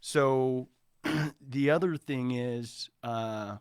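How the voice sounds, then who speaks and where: A man's voice: mid-range voice, extremely slow, clean tone, no echo, clean studio sound. A man in his forties, an entrepreneur guest in an interview, giving earnest advice with frequent restarts. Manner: earnest, advising, many restarts. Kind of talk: casual interview talk.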